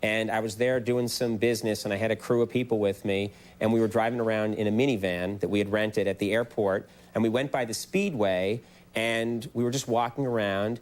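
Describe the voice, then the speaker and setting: A man hosting a late-night talk show, telling stories in an animated, self-mocking way and laughing often. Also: lowish voice, a little fast.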